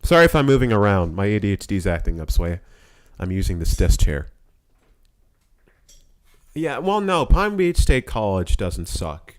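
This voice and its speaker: A young man from Florida chatting casually on a podcast, profane and quick to laugh in mock outrage. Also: on the low side, big pitch swings. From Florida, USA. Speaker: podcast host.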